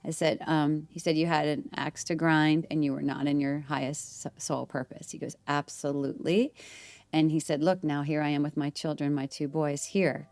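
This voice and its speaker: A middle-aged woman, appearing as a guest in a casual interview, tells a long personal story, rambling and animated, restarting often and acting out quoted voices. Her voice sits low at a normal speed, with no room sound.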